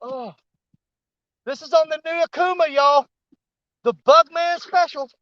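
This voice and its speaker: A man narrating a fishing trip on a snowy riverbank in a folksy, excitable way, talking straight to his viewers. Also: extremely high pitch, measured pace, no echo, highs cut off. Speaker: fishing vlogger. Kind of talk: casual outdoor commentary.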